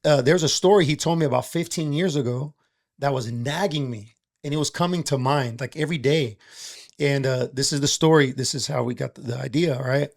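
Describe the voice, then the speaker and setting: A man's voice: medium pitch, brisk, gravelly. A middle-aged man, candidly telling a personal story in a casual podcast chat, streetwise and emotional. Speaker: podcast guest, entrepreneur.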